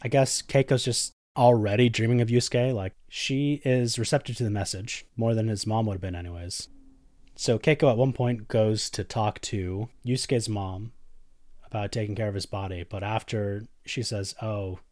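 A podcast host with a lowish, darkish, steady voice talks at a moderate pace in clean studio sound with no room echo. He casually recaps episodes, swears often and jumps into characters' lines.

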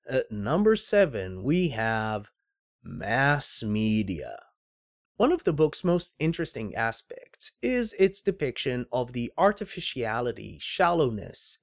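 Slow, measured man narrating a book analysis. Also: mid-range voice, no echo, clean studio sound. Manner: measured, deliberate delivery with wry asides. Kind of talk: scripted narration with read-aloud quotes.

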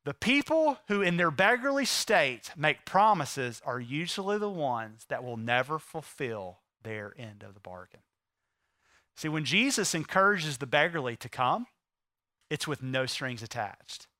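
A man preaching a sermon to a congregation, swinging from loud, pleading acted quotes to hushed, intimate asides. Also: on the high side, very animated, measured pace, no echo, studio quality. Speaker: pastor.

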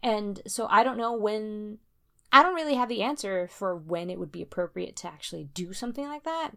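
A woman in casual conversation, rambling and restarting, getting animated when she makes a point. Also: medium pitch, brisk, creaky. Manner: rambling, self-interrupting, animated when emphatic.

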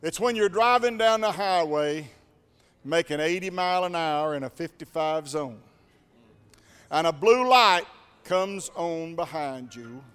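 Male pastor, sermon, dramatic, hushed to shouting, church reverb, soft music under. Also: a little high, takes it slowly, clear, resonant tone.

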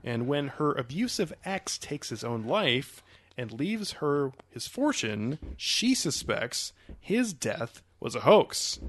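A man's voice: mid-range voice, very animated, takes it slowly, a bit bright. A man hosting a film podcast in casual chat, joking and laughing often. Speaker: podcast host.

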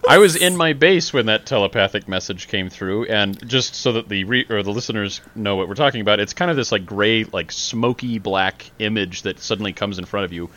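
A man co-hosting a casual podcast, telling stories in an animated way and laughing often. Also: on the low side, a little fast, few pauses, dull audio. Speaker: podcast co-host. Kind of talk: casual chat.

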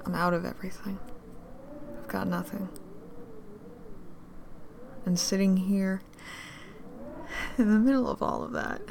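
An actress playing a drunk woman in an audio drama monologue, grieving and bitter, her voice shifting between whispers and louder outbursts. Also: mid-range voice, steady tone, unhurried, vocal fry, long pauses, a little hiss or hum. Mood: despairing.

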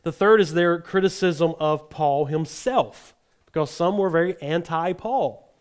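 A man's voice: a little slow, clean tone. Man preaching a sermon, reading scripture. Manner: reads scripture aloud, then explains it plainly; acts out the tone of the quoted verses, rising in pitch. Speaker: pastor.

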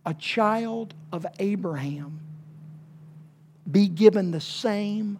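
A woman's voice: medium pitch, slow pace, pauses often. Lady preacher, takes her time, gets real dramatic and jokey in her sermon. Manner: dramatic, with swings between hushed and loud emphasis; folksy and humorous, with playful asides.

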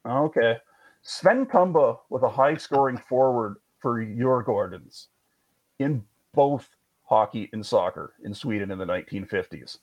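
A man's voice: mid-range voice, lively intonation, unhurried, lo-fi sound. Wry man telling history. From Canada. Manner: wry, chatty, rambling asides and jokes. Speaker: podcast host. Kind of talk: conversational history storytelling.

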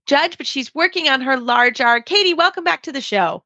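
Upbeat female co-host, bright, slightly high voice, dry studio sound. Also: lively intonation, normal speed, no echo, lo-fi sound. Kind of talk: casual radio show chat.

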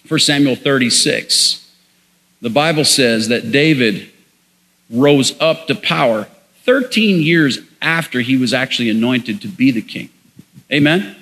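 A man's voice: mid-range voice, fairly bright tone, in a large hall. A man preaching a sermon as pastor, leading the congregation in call-and-response.

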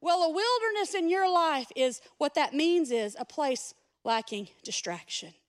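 A woman's voice: high-pitched, animated, unhurried. A woman pastor giving a sermon in a casual, conversational way, speaking straight to the congregation with humorous asides. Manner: addresses the congregation directly.

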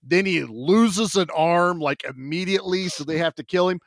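A man's voice: high voice, normal speed, no room sound, studio quality. A man co-hosting a podcast, retelling movie scenes with swearing and acted-out lines in casual chat. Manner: animated storyteller, acts out scenes, swears freely. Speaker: podcast co-host.

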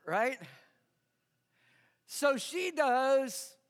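Man, pastor, sermon, high voice, slow delivery, animated storytelling, long hall reverb. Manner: animated, acts out quoted voices, chuckles often.

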